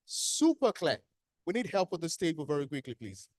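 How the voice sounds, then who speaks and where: Animated Nigerian trainer, lively swinging pitch. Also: normal speed, no echo, studio quality. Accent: Nigerian English. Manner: animated, asks the room questions and answers them. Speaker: workshop trainer. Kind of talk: interactive training lecture. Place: training hall with an audience.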